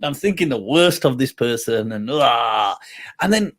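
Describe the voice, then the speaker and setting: A man's voice: mid-range voice, normal speed. A man, a mufti, telling a personal story in a casual way, chuckling often as he talks. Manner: chuckles often while telling, animated retelling.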